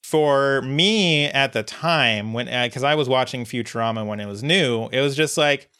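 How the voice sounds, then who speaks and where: A male podcast co-host in relaxed conversation, circling his thoughts out loud with many fillers. His voice has a bright, forceful edge at an ordinary pitch. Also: normal speed, smooth. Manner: reflective, rambling with many filler words. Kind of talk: casual chat.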